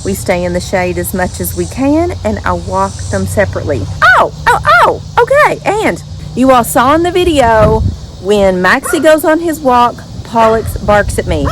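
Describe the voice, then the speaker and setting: A woman's voice: a little high, big pitch swings, normal speed, heavy background noise. A woman chatting casually to camera as a vlogger, outdoors at home. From Western Kentucky. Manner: chatty, talks to her dogs in a sing-song voice.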